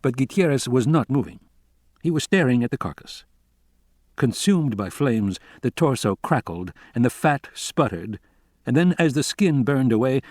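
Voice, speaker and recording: Male narrator for audiobook, even-paced storytelling, dry and close. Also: medium pitch, dry recording. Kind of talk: scripted narration.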